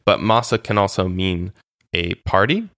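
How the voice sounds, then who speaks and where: A man with a low, smooth, resonant voice recounts his volunteer years in a relaxed interview. He talks in a chatty, animated way, full of fillers and restarts. The sound is dry and close, with no room around it. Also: normal speed, dry recording. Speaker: interview guest, former volunteer. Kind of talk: casual conversational interview.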